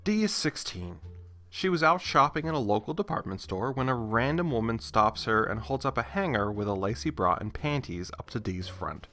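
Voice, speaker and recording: A man hosting a story channel, reading online stories aloud with expressive, exasperated asides. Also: medium pitch, moderate pace, soft background music.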